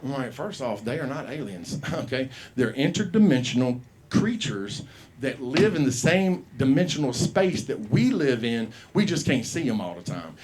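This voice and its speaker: A comedy show host with a medium-pitched, slightly mellow, sing-song voice speaks at a moderate pace into a handheld mic. Running an open mic at a comedy club, he does a rambling stand-up set, cursing freely and voicing the people in his stories.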